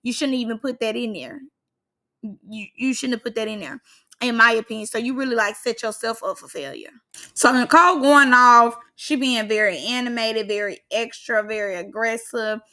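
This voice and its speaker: A woman's voice: on the high side, moderate pace, bright, forceful tone. A young woman giving casual, opinionated reaction commentary on a reality show, with lots of filler words. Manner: chatty, opinionated, filler-heavy.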